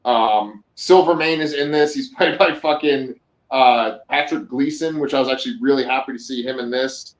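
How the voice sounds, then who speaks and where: A man's voice: medium pitch, normal speed. A man co-hosting a podcast, chatting casually. He swears a lot and jokes as he tells stories. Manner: profane, joking, animated storytelling. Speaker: podcast co-host. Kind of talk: casual chat. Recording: echoey room.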